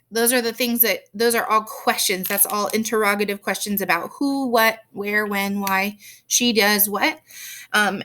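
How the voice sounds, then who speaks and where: A woman's voice: mid-range voice, fairly bright tone. A woman teacher explaining grammar and spelling to children in a chatty way, with many ums and worked examples.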